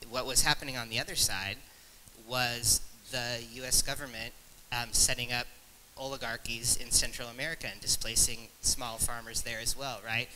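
A man in his forties talks on a conference panel in a reflective, halting way, often pausing to search for words. His voice is very bright and forward. A faint hiss of noise sits under the recording. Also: mid-range voice, steady tone, rough recording. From Nebraska. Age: 40s. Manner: reflective, halting, many fillers and restarts.

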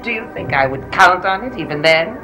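A woman's voice: lowish voice, expressive, brisk, highs cut off, close to an everyday voice. An actress playing a shrewd, distrustful fortune-telling woman in a 1960s TV soap drama, with music behind. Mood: scornful. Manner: defiant, scornful.

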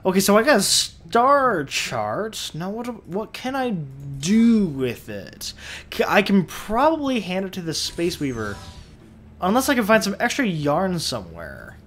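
A man's voice: high-pitched, sing-song, unhurried, a bit bright. A man doing casual let's play commentary, tired and yawning, rambling and talking to himself with frequent restarts.

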